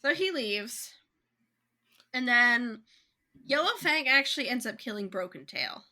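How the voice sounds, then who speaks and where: Bright-voiced young woman podcast co-host. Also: a little high, animated. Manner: chatty retelling with quick voiced asides. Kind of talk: casual book podcast chat.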